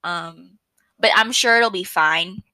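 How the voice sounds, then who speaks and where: A young woman hosting her own podcast alone, chatting loudly and excitably and often poking fun at herself. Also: lowish voice, slow pace, no room sound. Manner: chatty, loud and excitable, self-mocking. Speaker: podcast host. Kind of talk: casual solo podcast chat. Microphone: podcast microphone.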